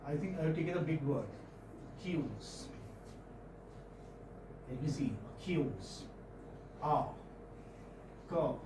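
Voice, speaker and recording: A man with an Indian English accent giving a classroom phonetics lecture, halting and often checking in with students. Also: a little high, background noise. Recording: roomy classroom audio from far off.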